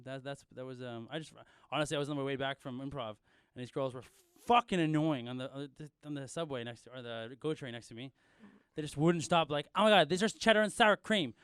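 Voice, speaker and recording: A man's voice: mid-range voice, quick pace, smooth, dry recording, studio quality. A young man from Canada co-hosting a podcast, chatting casually in a rambling way, swearing and restarting often. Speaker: podcast co-host. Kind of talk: casual chat.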